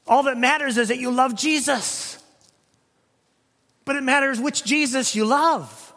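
A man's voice: extremely high pitch, a bit bright, husky. A man preaching a sermon emphatically, often repeating words as he drives a point home. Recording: long hall reverb.

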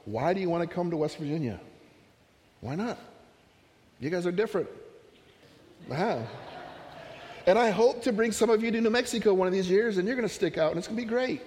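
A man's voice: high-pitched, expressive, brisk, long pauses, a little mellow, big-room sound, a little hiss or hum. A man preaching a sermon as pastor, talking conversationally with stories and humorous asides.

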